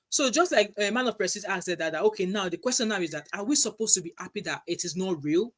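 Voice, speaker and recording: A woman's voice: medium pitch, fast, few pauses. Impassioned Nigerian woman vlogger. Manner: impassioned, emphatic, rhetorical questions, slips into Pidgin. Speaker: vlogger, mother. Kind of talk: commentary vlog.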